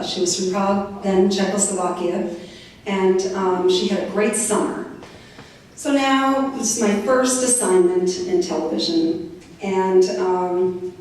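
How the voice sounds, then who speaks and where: Woman in her sixties, animated storyteller, booming echo, heard from afar. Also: slight background noise. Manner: lively anecdotal, acting out quotes. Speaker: guest speaker. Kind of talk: storytelling speech to students. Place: large echoey high school hall. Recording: echoey hall, distant mic.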